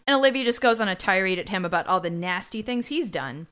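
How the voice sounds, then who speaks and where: A woman of middling pitch chats through a crime show recap with a joking edge. She drops into playful voices for the characters as she retells scenes. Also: expressive, fast talker, fairly bright tone, clear, resonant tone. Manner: jokey, does voices of characters. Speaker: podcast co-host. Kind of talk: casual recap chat.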